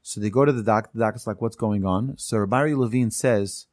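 A man teaching a class, telling stories earnestly and emphatically, often restarting his sentences and slowing down to stress key points. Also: lowish voice, darkish tone, dry recording, clean studio sound. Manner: slows down to stress key phrases.

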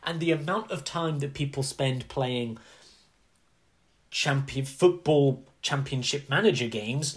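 A man, a podcast co-host who chats casually and animatedly, with many asides. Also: medium pitch. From England. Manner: animated, talks in long runs with many asides. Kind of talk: casual chat.

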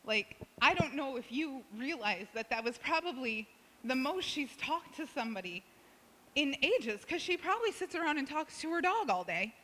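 Woman, high bright voice, animated storytelling, reverberant hall. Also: moderate pace. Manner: animated storytelling, acts out quoted people. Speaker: church group member sharing a story. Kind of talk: casual testimony sharing.

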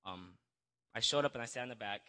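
A young man shares his personal testimony at a church gathering, speaking into a handheld mic. His voice is bright and forward. He talks nervously, stumbling and restarting, with a middling pitch. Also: quick pace. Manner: nervous and hesitant, full of restarts and apologies. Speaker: church member giving a testimony. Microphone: handheld microphone.

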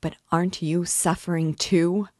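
A timid young woman pleads urgently, read aloud by a woman. Her lines come slowly and carefully. The recording is dry and close, as in an audiobook. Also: low-pitched, fairly even intonation, darkish tone, breathy edge, no echo, full character voice. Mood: pleading.

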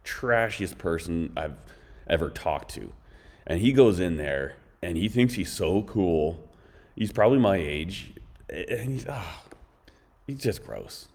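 Casual male host, low and mellow, rambles through opinionated anecdotes. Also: expressive, unhurried. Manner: rambling, blunt, opinionated, fond of mocking impressions. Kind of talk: casual storytelling chat.

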